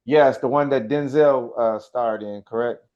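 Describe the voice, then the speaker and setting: A man on a video call keeps the conversation going with brief, encouraging responses. His voice is mid-pitched, and the call audio sounds dull and muffled. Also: a little slow. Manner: short encouraging interjections. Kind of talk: casual chat.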